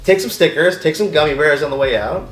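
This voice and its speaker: A man's voice: fairly high pitch, quick pace, fairly bright tone, roomy sound, soft background music. A man, co-owner of a record shop, telling stories in casual chat and acting out the dialogue, swearing freely.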